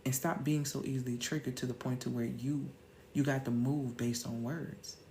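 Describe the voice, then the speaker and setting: A woman's voice: a bass voice, fairly even intonation, moderate pace, dark tone, a little hiss or hum. A woman in her thirties hosting a live-stream motivational talk, emphatic and slangy, firing off rhetorical questions.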